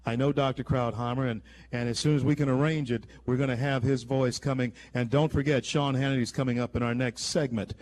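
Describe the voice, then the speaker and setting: A man's voice: medium pitch, steady tone, brisk, hardly any pauses, darkish tone, a little hiss or hum. A man hosting political talk radio, speaking in an emphatic, opinionated way with frequent restarts. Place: radio studio.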